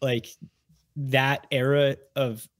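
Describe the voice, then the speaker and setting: A man who is a guest on a podcast, chatting casually in an animated, rambling way with many restarts. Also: medium pitch, extremely slow, no echo. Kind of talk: casual conversational interview.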